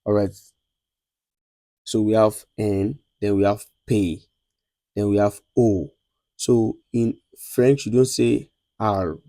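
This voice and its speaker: A Nigerian man teaches a beginners' class at a slow, measured pace. He repeats each sound for his students and keeps checking they follow. His voice sits low and mellow, in a dry recording. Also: steady tone, dry recording. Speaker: lecturer. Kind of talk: classroom lesson on French letters.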